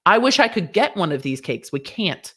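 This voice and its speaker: Sassy lower-voiced woman lawyer. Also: sing-song, normal speed, fairly bright tone, slightly rough. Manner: sassy, playful, chatty with asides. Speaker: lawyer commentator. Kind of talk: casual reaction commentary.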